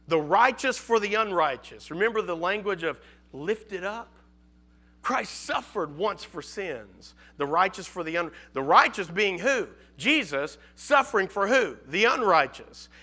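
A man's voice: sits high, expressive, measured pace, pushed and bright. A man preaching a sermon to a congregation, asking them questions and often repeating words as he goes. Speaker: pastor.

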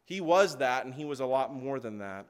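A man preaching a sermon, earnest and emphatic, slowing down to stress key words and reading scripture aloud. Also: medium pitch, expressive.

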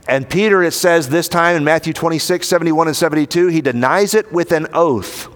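A man's voice: a little high, fairly quick, hardly any pauses, a bit bright. A man with a Southern American accent preaching a sermon, retelling the story dramatically and acting out the quoted lines. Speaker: pastor. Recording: hall reverb.

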